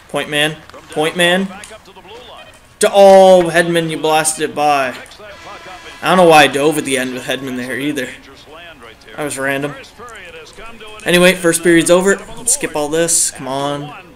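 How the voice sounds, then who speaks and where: A young man giving excitable live commentary on his own video game match, groaning and cheering at each play, his throat a bit dry. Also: a little high, a little slow, long pauses. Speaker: gaming channel host.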